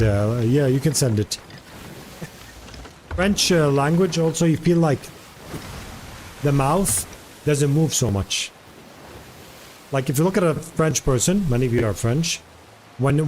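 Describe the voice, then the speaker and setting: A man's voice: fairly high pitch, darkish tone, slight background noise. A man streaming live, chatting casually and rambling through many fillers while answering his chat.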